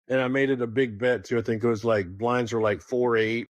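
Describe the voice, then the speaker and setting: A man co-hosting a poker podcast in casual chat, telling stories in an animated way and swearing freely. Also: mid-range voice, moderate pace, few pauses, no room sound. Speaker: podcast co-host.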